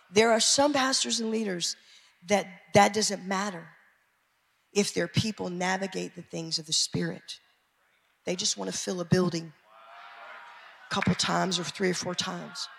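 A woman pastor with an American country accent, preaching a fervent sermon that swings from shouting to quiet asides. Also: lowish voice, creaky. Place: church sanctuary. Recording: echoey church hall.

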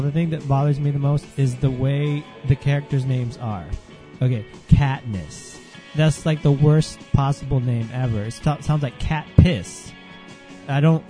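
A man's voice: medium pitch, mellow. A man hosting a solo podcast rant, sarcastic and dismissive, and sounding a bit under the weather. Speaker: podcast host.

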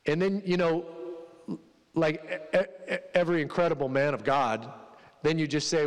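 A male pastor gives a casual, joking sermon and slips into voices for the people he quotes. His voice sits a little high for a man. A long reverb trails behind him, as in a large hall. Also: unhurried.

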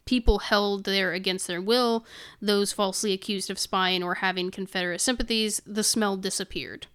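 A woman co-hosting a casual podcast chat, talking in an animated way and laughing often. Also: mid-range voice, moderate pace, smooth. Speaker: podcast co-host. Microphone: studio microphone.

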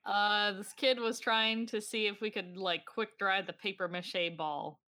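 A woman in a tabletop game with a bright, forward voice. She explains things casually and drops in fillers as she goes. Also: medium pitch, fairly even intonation, a little slow. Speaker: player.

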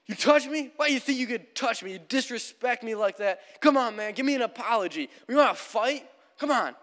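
A man voicing a belligerent, scrawny male hiker who shouts and taunts, looking for a fight. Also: very high voice, lively intonation, fairly quick, in a large hall, pitched above the performer's own voice. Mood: angry shouting.

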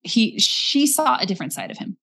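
A young woman casually telling a personal story, animated and acting out the voices of the people in it. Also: mid-range voice, a little fast, gravelly, husky. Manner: animated, acts out quoted voices. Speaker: guest telling her story.

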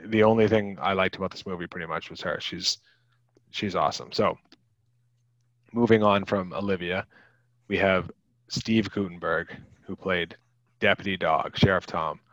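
A man's voice: low-pitched, fairly even intonation, normal speed, pauses often, a bit bright, dry recording. A man in his thirties co-hosting a casual movie podcast, rambling with lots of fillers and restarts. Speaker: podcast co-host. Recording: dull lo-fi podcast mic.

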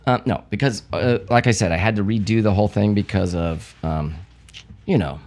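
A man co-hosting a casual beer-tasting show, talking in halting bursts with many restarts and fillers. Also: lowish voice, darkish tone. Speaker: podcast co-host. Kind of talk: casual chat.

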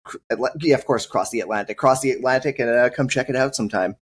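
A man's voice: medium pitch, fast, breathy edge. A man appearing as a podcast guest, talking about his family name in a friendly, hesitant way. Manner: friendly, hesitant, many fillers. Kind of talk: casual interview chat.

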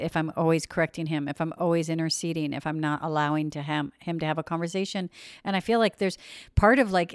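A woman's voice: lowish voice, darkish tone, no room sound, studio quality. A woman hosting a podcast and speaking as a parent, asking earnest questions and often searching for her words. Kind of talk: podcast interview.

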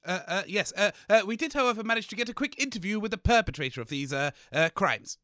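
A man's voice: high-pitched, animated, fast, bright, forceful tone, dry recording, studio quality. A man playing a nervous, exasperated radio co-host who stammers through a comedy radio sketch. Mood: flustered. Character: flustered, squeamish male radio co-host.

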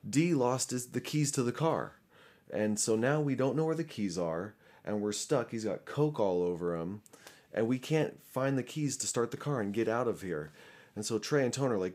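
A man's voice: medium pitch, lively intonation, moderate pace, a little mellow. A young man telling a story casually and animatedly, full of fillers, restarts and swearing. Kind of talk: casual anecdote.

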